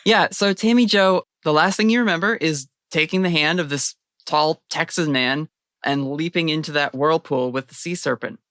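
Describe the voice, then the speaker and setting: A woman's voice: sits low, moderate pace, fairly bright tone, dry recording, clean studio sound. A woman narrating as the game master of a tabletop role-playing game, casual and giggly.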